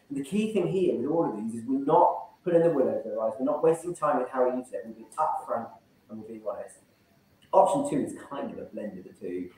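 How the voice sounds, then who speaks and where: A man's voice: fairly high pitch, far from the mic. Man, sales trainer, coaching tone, very echoey room. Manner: coaching, demonstrates call openers. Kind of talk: online training session. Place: room, online event.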